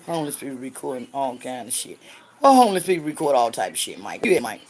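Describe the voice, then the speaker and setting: Loud trash-talking woman in her sixties. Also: sing-song, fast. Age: 60s. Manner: loud, cursing, trash-talking, swings between hollering and low muttering. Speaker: livestream host. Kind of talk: livestream chat answering viewers.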